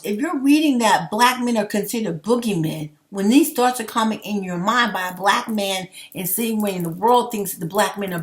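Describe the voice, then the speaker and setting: Young adult woman, passionate commentary rant, plain-spoken and profane. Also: mid-range voice. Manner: blunt, swears, rambling and passionate. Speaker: commentary vlogger. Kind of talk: heated opinion rant to camera.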